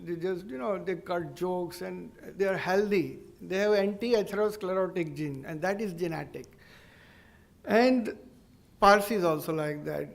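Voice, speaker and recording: Speaking as a neurologist at a public lecture, an Indian English man uses a fairly high, creaky voice. His tone is earnest and explanatory, and he frequently pauses and starts his sentences over.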